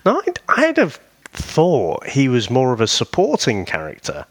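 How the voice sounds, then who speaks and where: A man co-hosting a casual film chat podcast, reading out facts in a lively way. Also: mid-range voice, a little slow, dry recording, studio quality. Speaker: podcast co-host.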